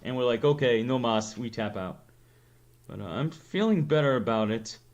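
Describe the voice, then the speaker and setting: Male streamer host with New England accent, rambling, self-deprecating, mid-pitched. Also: animated, normal speed, darkish tone, muffled recording. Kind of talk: casual chat to stream viewers.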